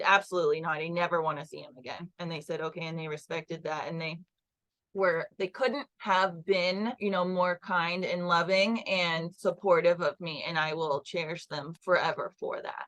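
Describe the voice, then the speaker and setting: A woman's voice: on the low side, steady tone, moderate pace, fairly bright tone, poor audio. A woman, a construction project manager, candidly recounting a workplace incident as an interview guest. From Los Angeles. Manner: earnest, recounts events with quoted dialogue.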